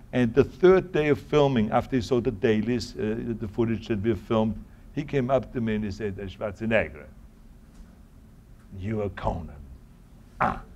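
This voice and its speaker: A man with a German accent telling stories in an interview, talking quickly and often restarting his sentences. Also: mid-range voice, darkish tone, lo-fi sound. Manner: tumbling words, frequent restarts. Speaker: interview guest. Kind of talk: anecdotal interview answers.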